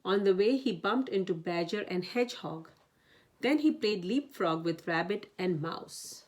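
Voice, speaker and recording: A woman storyteller reads a children's picture book aloud, gentle and expressive. Her voice is fairly low and she takes a very slow pace.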